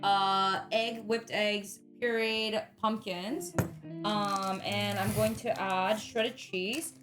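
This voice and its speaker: A woman's voice: medium pitch, fairly even intonation, extremely slow, music in the background. A woman cooking on a live stream, chatting casually and talking through recipe steps with easy amusement.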